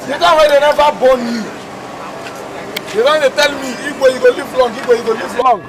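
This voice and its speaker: A man plays a proud village king with a Nigerian accent who barks threats and blusters at everyone. His voice sits very high. A loud crowd chatters outdoors behind him. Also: moderate pace, noisy background. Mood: irritated. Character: proud, short-tempered male village king. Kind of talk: comedy skit.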